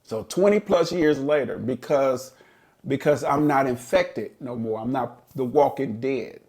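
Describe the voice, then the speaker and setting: A middle-aged man with a gravelly, creaky edge to his voice tells a story in a casual podcast chat. His pitch sits in the middle, and he speaks earnestly and thoughtfully, looking back on his past. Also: measured pace, a little mellow. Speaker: podcast co-host.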